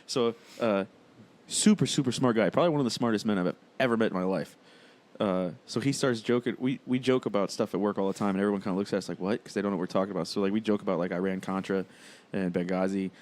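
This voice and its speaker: A man's voice: lowish voice, quick pace, darkish tone. A man in casual podcast chat, laid-back and full of uhs and likes. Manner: laid-back, filler-heavy talk with frequent uh and like.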